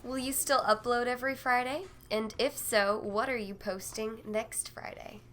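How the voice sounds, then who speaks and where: A man voicing a high-pitched, curious offscreen questioner in a YouTube vlog. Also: steady tone, normal speed, sharp tone, slight background noise.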